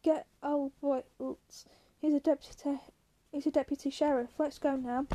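An angry young ranch man spits out threats and orders in a storybook reading, voiced by a woman. Her voice sits high but soft and mellow. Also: flat delivery, a little slow, slight background noise. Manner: furious, barking threats.

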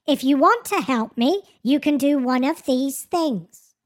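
A woman's voice: high voice, animated, unhurried, pitched above the performer's own voice. A woman voicing a sassy female AI chatbot with a put-on English accent, prim, stubborn and condescending. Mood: insistent.

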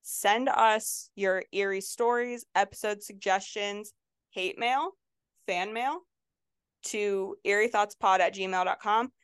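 A woman's voice: mid-range voice, slow pace, fairly bright tone, smooth, dry recording, clean studio sound. A woman co-hosting a podcast in casual chat, playful and joking, who also reads the show plugs. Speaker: podcast co-host.

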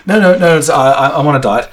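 A man's voice: a little high, pitched above the performer's own voice, natural voice. A man voicing an overly polite, posh British officer who stammers apologies, in a tabletop role-play game.

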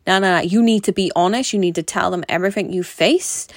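A woman's voice: fairly low pitch, fast, dry recording, clean studio sound. A young woman, talking frankly and swearing freely in a casual vlog monologue. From Britain. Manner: chatty, swears a lot, frank. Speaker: vlogger.

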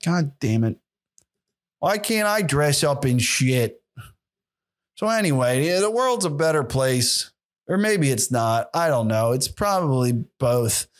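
A man's voice: mid-range voice, expressive, a little slow. A young man hosting a solo podcast, rambling and sarcastic with plenty of swearing. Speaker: podcast host.

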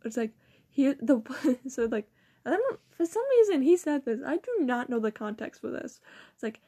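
A teenage student vlogger rambles casually about school, giggling and quoting people in mocking voices. Her voice sits high with big pitch swings, mellow and husky, at a normal speed.

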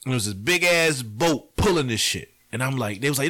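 A man's voice: mid-range voice, expressive, moderate pace, fairly bright tone, no room sound. A man telling a story in casual chat, full of slang, acting out his own reactions.

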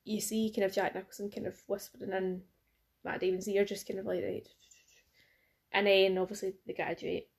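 A woman's voice: mid-range voice, little pitch movement, a little fast, creaky. A young woman, co-hosting a podcast in casual, teasing chat. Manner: chatty, teasing, laughs often. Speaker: podcast co-host.

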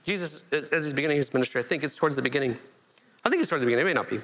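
Male pastor, sermon delivery, lively, frequent restarts, higher-pitched voice. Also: racing. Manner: animated, rising to emphatic peaks, with self-interrupting restarts.

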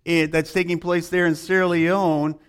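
High-voiced man preaching a sermon. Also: flat delivery, moderate pace, clean tone. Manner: storytelling preacher, acts out dialogue with swings in pitch and pace. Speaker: pastor.

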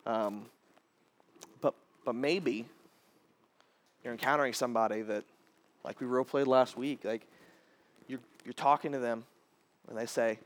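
A man in his thirties preaching a casual, animated sermon, jumping to loud high bursts when he acts out quotes. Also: unhurried, pauses often. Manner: casual, repeats words as he restarts. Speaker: pastor.

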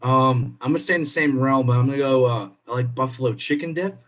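A man's voice: mid-range voice, fast, a bit bright. Chatty upbeat guy co-hosting a podcast. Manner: chatty, upbeat, drifts into laughs. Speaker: podcast co-host. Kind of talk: casual chat.

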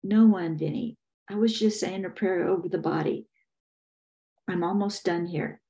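A woman's voice: lowish voice, normal speed, vocal fry, warm tone. A woman voicing a frightened, simple-minded male henchman who pleads in a tearful, quivering voice. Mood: nervous.

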